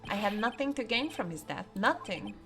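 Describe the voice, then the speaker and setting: A woman's voice: a little high, animated, normal speed. A cold, scheming woman who talks down to everyone, as a streamer reads her lines. She is self-assured and dismissive. Game music plays steadily behind the voice.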